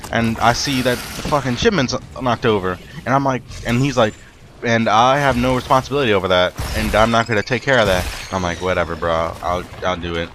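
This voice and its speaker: Rambling, profane young man telling a story. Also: lowish voice. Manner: rambling, profane, many fillers and restarts. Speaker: gaming commentator. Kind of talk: casual storytelling while playing a game. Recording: faint ambient noise.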